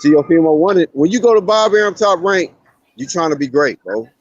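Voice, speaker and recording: A man's voice: a little high, expressive, moderate pace, dry recording, dull audio. A man co-hosting a casual, profane chat, talking blunt and emphatic. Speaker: podcast co-host.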